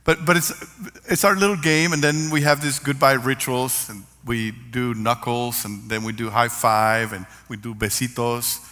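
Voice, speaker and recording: Older male pastor, bright and forceful, preaching in a reverberant hall. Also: medium pitch, fairly even intonation, normal speed, faint music behind. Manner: earnest, varied emphasis, storytelling. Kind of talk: sermon. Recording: long reverb of a large hall.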